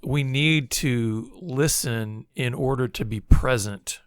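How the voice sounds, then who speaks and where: A man's voice: mid-range voice, slow, clear, resonant tone, no room sound. Reflective man on a dry podcast mic. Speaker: podcast co-host. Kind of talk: casual conversation on marriage.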